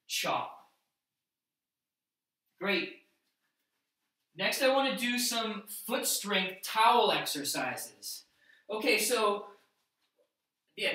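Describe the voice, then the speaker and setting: Recorded from a distance in a very echoey space, a man leads a workout demo as a fitness instructor, describing each exercise step by step in a bright, fairly high voice.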